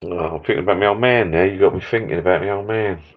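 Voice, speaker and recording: Older man, very deep voice, chatty live-stream host, slightly dull lo-fi sound. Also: quick pace. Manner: rambling, chatty, sentimental. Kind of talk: casual chat. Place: backyard garden bar shed.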